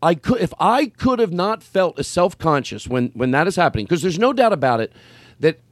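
A man, a comedian and podcast host, telling a story in casual chat, animated, swearing and acting out his own lines. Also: sits high, a little fast, no room sound.

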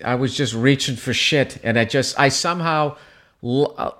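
A man's voice: medium pitch, moderate pace. A man, a comedian guest, telling a story in casual chat, swearing freely and restarting his sentences as he goes. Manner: profane, animated, rambling with restarts.

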